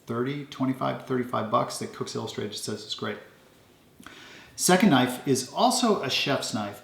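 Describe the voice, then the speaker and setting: Guy showing his kitchen knives, gravelly voice, lots of ums, echoey kitchen. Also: mid-range voice. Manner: relaxed, rambling, many ums. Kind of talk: casual show-and-tell. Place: home kitchen.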